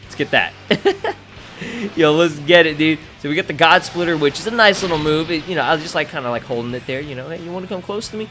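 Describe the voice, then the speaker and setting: A young man giving excitable, profanity-laced commentary over his gameplay, laughing often. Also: fairly high pitch, a little fast, soft background music. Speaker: gaming YouTuber.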